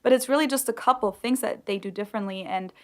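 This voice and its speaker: A woman's voice: on the high side, quick pace. A young woman, a non-native speaker of English whose first language is German, co-hosting a podcast in a chatty way with many fillers. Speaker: podcast co-host. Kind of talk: casual chat.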